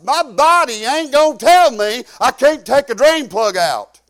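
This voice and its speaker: High-voiced folksy preacher man. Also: expressive, moderate pace, fairly bright tone, clean tone. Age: 50s. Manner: folksy, rambling, drops low when quoting himself. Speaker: pastor. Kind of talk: sermon storytelling.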